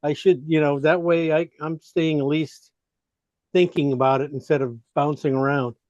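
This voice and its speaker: A man's voice: on the high side, steady tone, moderate pace, a little mellow, no room sound, muffled recording. A man teaching an online painting class, giving rambling, encouraging feedback full of fillers.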